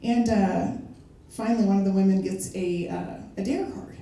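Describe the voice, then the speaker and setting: A woman's voice: medium pitch, moderate pace, vocal fry, dark tone, a little hiss or hum. An older woman doing a stand-up comedy set, telling stories conversationally with fillers and laughter. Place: live comedy venue. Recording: echoey venue from far off.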